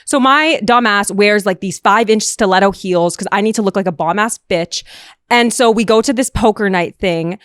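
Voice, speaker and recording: A young woman, a podcast guest, telling a story in a lively, animated way, with sound effects and quoted voices. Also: mid-range voice, moderate pace, clear, resonant tone, no room sound, studio quality. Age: young adult. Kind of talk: casual storytelling. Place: podcast studio.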